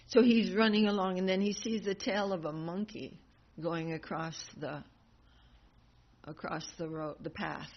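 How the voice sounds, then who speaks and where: Chatty, rambling class storyteller. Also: medium pitch. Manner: rambling, chatty, laughs often, self-correcting. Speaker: class teacher. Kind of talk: casual storytelling in a devotional class. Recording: dull lo-fi class recording with faint noise.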